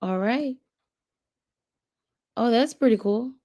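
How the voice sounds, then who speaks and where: In a slightly high, mellow voice at a slow pace with no room sound, a woman hosts a casual video. She browses web pages and reads them aloud to her viewers, thinking out loud with frequent fillers.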